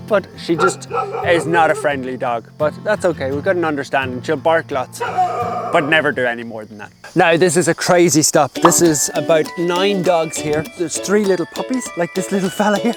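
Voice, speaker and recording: A man narrating a casual vlog outdoors while he feeds street dogs, chatty and friendly, now and then cooing at the animals. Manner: chatty, talks to the dogs in a high excited baby voice. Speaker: dog rescue volunteer feeding street dogs. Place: outdoors by a jungle road. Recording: music playing underneath.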